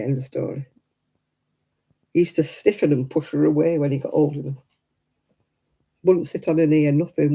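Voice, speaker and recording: Older woman, very mellow dark tone, host telling rambling stories at a craft stream. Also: low-pitched, steady tone, normal speed, gravelly, pauses often, breathy edge, low-quality recording. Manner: chatty, rambling anecdotes with frequent "you know" asides. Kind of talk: casual storytelling chat.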